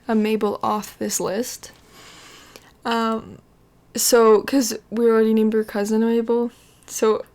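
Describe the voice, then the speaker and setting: Woman, casual game commentator, rambling and chatty with lots of fillers, fairly high voice. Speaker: gameplay commentator.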